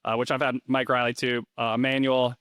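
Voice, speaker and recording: Guest in his 30s; casual, rambling talker; smooth tone, dry close recording. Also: medium pitch, level tone, a little fast, fairly bright tone, no room sound. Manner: rambling, filler-heavy, restarts often. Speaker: interview guest, rental investor. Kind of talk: casual interview chat.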